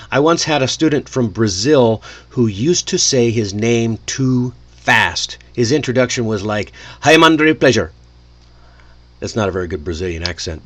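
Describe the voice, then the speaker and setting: A man teaching English in a lively, friendly way, often chuckling to himself. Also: medium pitch. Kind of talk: casual lesson delivery.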